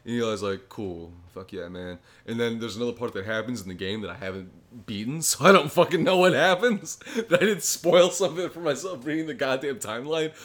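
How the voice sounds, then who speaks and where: A man co-hosting a podcast, with a low voice, recapping a story in a rambling, profane casual chat. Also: fast talker, few pauses. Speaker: podcast co-host.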